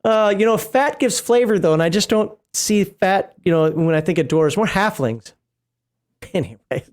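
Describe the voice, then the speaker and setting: A man with a high, expressive voice and a moderate pace co-hosts a tabletop game livestream. He reads rulebook passages aloud, breaking into chatty, laughing asides.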